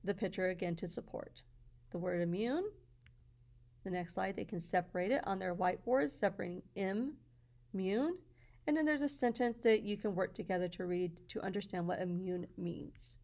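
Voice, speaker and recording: A woman teacher walking through her classroom slides in a patient, explanatory way, sounding out words slowly. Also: mid-range voice, darkish tone.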